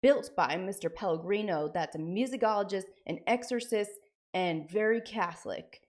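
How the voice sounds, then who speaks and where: A woman's voice: mid-range voice, normal speed, a little mellow. A woman streamer chatting casually with her viewers, rambling and sprinkling in lots of "like" and "frickin'". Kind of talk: casual live-stream chat.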